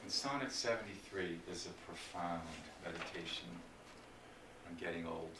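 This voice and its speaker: A man giving a library lecture on poetry, reciting sonnets slowly and dramatically between chatty asides. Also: sits low. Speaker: literature lecturer. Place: library meeting room. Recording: roomy, distant, faint hiss.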